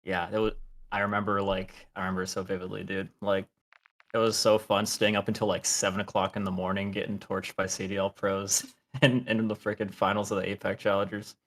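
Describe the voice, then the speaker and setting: A man co-casting an esports match, calling the action with excitement and chatting casually in between. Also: fairly low pitch, a little fast. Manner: excited play-by-play, easygoing in chat. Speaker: esports co-caster. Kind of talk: play-by-play commentary and casual chat.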